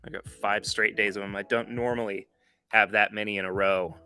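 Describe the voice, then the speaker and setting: A weary man hosts a live podcast stream and chats loosely with viewers, often stopping to correct himself. His voice sits somewhat low but has a bright, forceful edge. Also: steady tone, normal speed, clear, resonant tone. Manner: rambling, self-correcting, chatty with viewers. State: tired. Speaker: podcast host. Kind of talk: casual live-stream chat.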